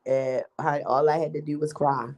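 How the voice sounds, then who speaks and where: Gravelly, profane middle-aged woman vlogger. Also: deep voice, flat delivery, normal speed, a little mellow. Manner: profane, emphatic, preachy. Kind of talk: candid storytelling monologue.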